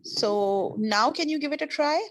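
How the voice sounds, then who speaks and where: A woman's voice: sits high, unhurried. Patient woman teacher explaining grammar. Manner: patient, explains with repeated examples. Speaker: English teacher. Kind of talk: online class lesson.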